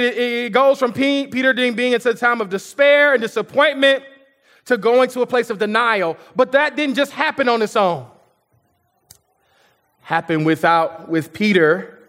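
A man's voice: high-pitched, a bit bright, big-room sound. A male pastor preaching a sermon in a church auditorium, in a conversational way with repetitions and asides to the congregation.

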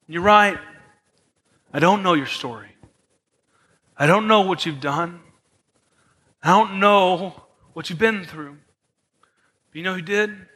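A man preaching a sermon as pastor, moving between soft, hushed lines and raised, emphatic ones. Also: high-pitched, unhurried, long pauses. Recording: long hall reverb.

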